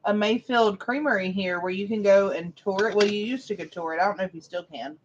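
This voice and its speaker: A woman's voice: medium pitch, fairly quick. A woman chatting casually alongside the host, chatty, giggly and teasing. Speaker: host's wife, off-camera co-host. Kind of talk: casual chat. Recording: dull lo-fi audio with faint noise.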